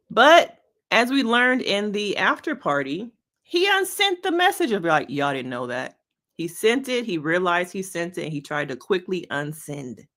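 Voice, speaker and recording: A woman therapist reacting to a reality show in a bright, clear voice that swings up and down with lively energy. She takes her time, unhurried and drawn out, and talks straight to her viewers in a chatty, slangy, playful way. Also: medium pitch. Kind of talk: casual reaction commentary.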